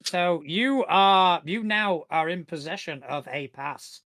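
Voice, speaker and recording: A man's voice: high-pitched, slow pace, fairly bright tone, dry recording. A man narrating as game master of a tabletop game, describing scenes in a rambling, easygoing way with many fillers.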